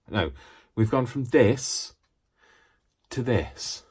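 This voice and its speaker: A man's voice: low voice, moderate pace, slightly rough. A man hosting a casual craft demonstration, chatty and rambling, with self-mocking asides. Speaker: craft tutorial host.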